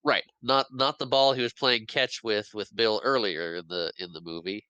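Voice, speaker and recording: A man's voice: on the low side, steady tone, normal speed, pushed and bright, clear, resonant tone, no echo, dull audio. A man co-hosting a podcast, chatting casually about a movie with wry asides and frequent laughs. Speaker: podcast co-host. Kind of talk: casual movie recap chat.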